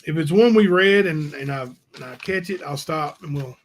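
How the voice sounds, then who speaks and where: A man hosting a livestream, reading letters aloud and chatting with viewers in a slow, halting way with many fillers. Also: on the high side. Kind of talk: casual livestream reading and chat.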